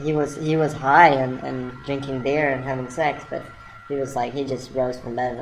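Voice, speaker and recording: A woman telling a surreal, playful story in a halting, rambling way with many restarts. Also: extremely low pitch, fairly even intonation, a little hiss or hum, poor audio. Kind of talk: rambling spoken monologue.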